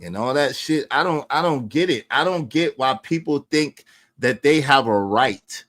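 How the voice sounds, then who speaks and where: A middle-aged man, hosting a livestream and ranting in a confrontational way, repeating lines for emphasis and turning loud. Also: mid-range voice, lively intonation, moderate pace, dry recording, clean studio sound. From Brooklyn, New York. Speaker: livestream host. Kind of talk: heated livestream rant.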